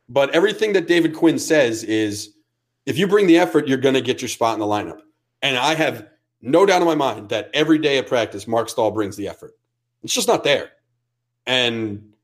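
An opinionated man co-hosts a casual sports podcast, pressing his points with emphasis. His voice sits in an ordinary middle pitch, and his delivery is animated and insistent. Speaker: podcast co-host.

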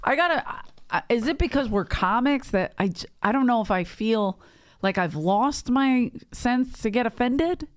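A woman hosting a casual podcast chat, jumping in with quick reactions and joking asides. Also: fairly high pitch, lively intonation. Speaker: podcast host.

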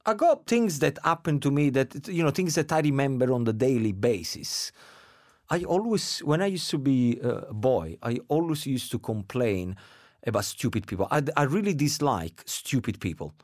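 A man hosting a casual chat, emphatic and animated, pressing his points with rhetorical questions. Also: mid-range voice, normal speed, no room sound, studio quality. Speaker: podcast host.

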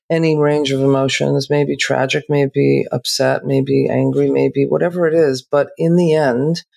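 Woman, podcast co-host, therapist, gravelly low voice, measured, reflective. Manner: calm, measured, slows down to stress points.

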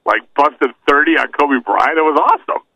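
A man co-hosting a podcast in casual comedy chat, relaxed and storytelling, often repeating words as he starts a thought. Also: a little high, moderate pace, no echo, poor audio. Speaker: podcast co-host.

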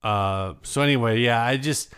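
A man's voice: mid-range voice, moderate pace, fairly bright tone, clean tone. A man co-hosting a casual podcast, rambling and self-deprecating, often trailing off mid-thought. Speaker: podcast co-host. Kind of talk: casual chat.

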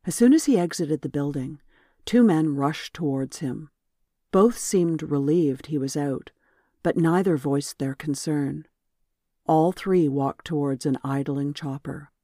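Brief: audiobook narrator, mid-pitch, very dry close sound, even storytelling. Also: a little slow, dry recording. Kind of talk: scripted narration.

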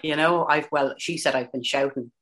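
A woman's voice: low-pitched, normal speed, fairly bright tone. An Irish woman from Ireland chatting as a guest in an interview over a remote call, talking freely with plenty of ums and restarts in a self-deprecating way. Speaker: guest, country singer. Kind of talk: casual interview chat.

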